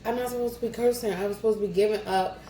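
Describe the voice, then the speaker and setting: A woman's voice: mid-range voice, fairly even intonation, racing, dark tone. A young woman chatting casually between bites in an eating vlog at home, laughing at herself as she goes. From New Jersey. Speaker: mukbang vlogger. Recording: echoey room, audible noise.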